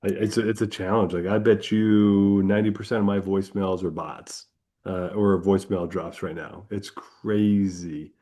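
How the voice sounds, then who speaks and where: Deep-voiced casual male podcast host. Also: fairly even intonation, warm tone. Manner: casual, halting restarts when asking questions. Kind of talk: conversational interview.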